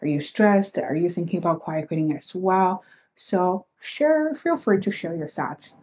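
A woman's voice: lowish voice, lively intonation, measured pace, darkish tone, rough recording. A young woman hosting her own podcast, talking in an earnest, reflective way and speaking straight to her listeners. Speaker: podcast host. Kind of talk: casual solo podcast talk.

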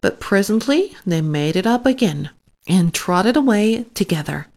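A woman reading a children's story aloud in a gentle, unhurried way. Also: medium pitch, lively intonation, gravelly.

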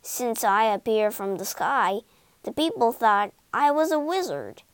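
Storybook role: a sheepish little old fake wizard with a croaky voice, read by a woman, slow, drawn out, lively in pitch, dry sound. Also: no room sound.

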